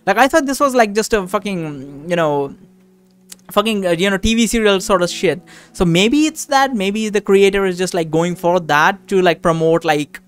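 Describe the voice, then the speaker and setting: Animated swearing young man. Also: high-pitched, normal speed, smooth. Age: 20s. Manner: animated, swearing, rambling with many fillers. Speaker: let's play host. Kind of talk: casual commentary over a visual novel.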